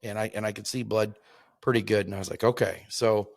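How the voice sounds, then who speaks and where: A man, hosting a hunting show, telling a hunting story in a rambling, halting way, with many restarts. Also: fairly low pitch, flat delivery, creaky, no echo, clean studio sound. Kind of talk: casual storytelling.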